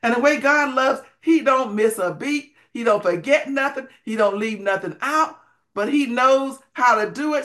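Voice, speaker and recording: A male preacher giving a sermon, emphatic, repeating key phrases and swinging between loud bursts and hushed lines, with folksy grammar. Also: extremely high pitch.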